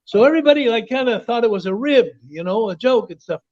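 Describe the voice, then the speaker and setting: A man from Quebec, telling animated stories as an interview guest, often repeating and restarting words. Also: very high voice, quick pace. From Quebec, Canada. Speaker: interview guest, former wrestler. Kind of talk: casual storytelling interview. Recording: dull lo-fi audio.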